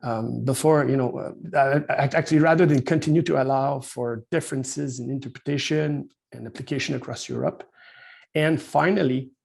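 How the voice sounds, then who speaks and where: A man's voice: mid-range voice, fairly even intonation, normal speed, creaky, a little mellow, slightly rough. A man with a Quebec French accent giving a hesitant webinar presentation over a video call, full of fillers and restarts. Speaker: company founder presenting at an industry seminar.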